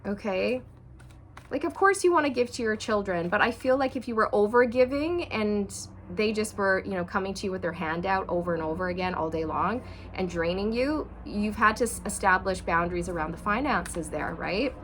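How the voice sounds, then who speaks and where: A woman gives a channeled tarot reading for viewers, chatty and expressive, acting out quoted feelings with big swings before dropping soft and low for emotional moments. She talks at normal speed, with slight background noise.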